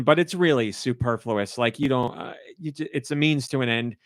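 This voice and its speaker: A man's voice: mid-range voice, fairly bright tone, clear, resonant tone, dry recording, studio quality. A man co-hosting a podcast and talking about a game he reviewed in casual, rambling chat, full of "like" and restarts. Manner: rambling and effusive, heavy use of "like".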